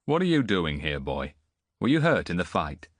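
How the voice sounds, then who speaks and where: A man voicing a calm, fatherly warrior who speaks in a steady, low, reassuring way in an audiobook. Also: normal speed, no room sound. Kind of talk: audiobook character voice.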